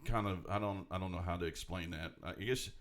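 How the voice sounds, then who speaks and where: A man, co-hosting a casual chat show, rambling and animated with lots of restarts. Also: sits low, fairly quick. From Tennessee. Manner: rambling, animated, puts on voices. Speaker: podcast co-host.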